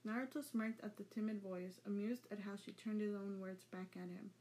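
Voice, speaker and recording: A woman's voice: mid-range voice, fairly even intonation, normal speed, warm tone, a little hiss or hum, rough recording. A woman hosting a podcast, reading fan fiction aloud with casual asides. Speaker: podcast host.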